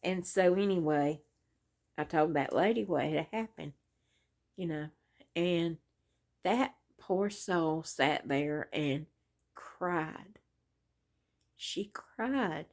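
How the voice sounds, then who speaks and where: Low gravelly woman rambling. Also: takes it slowly, long pauses, a little mellow. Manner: rambling storyteller, many "um" and "anyway". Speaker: crochet vlogger. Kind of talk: casual rambling chat.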